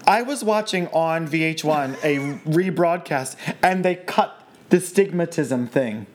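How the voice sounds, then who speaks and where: Male recap co-host, animated pitch, crude punchlines, casual banter. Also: unhurried, slight background noise. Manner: profane, joking, quotes others in put-on voices. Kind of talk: casual comedic recap chat.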